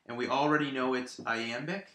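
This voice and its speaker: A man's voice: medium pitch, steady tone, normal speed, fairly bright tone, roomy sound. A male teacher patiently explaining a lesson, repeating examples aloud to stress each syllable. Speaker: high school English teacher. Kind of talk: recorded video lesson.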